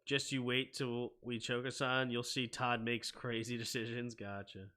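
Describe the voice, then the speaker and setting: Bright-voiced man calling live football. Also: mid-range voice, moderate pace. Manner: excitable, rises to shouting on big plays. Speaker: sports stream host and play-by-play caller. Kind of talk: live play-by-play and casual chat.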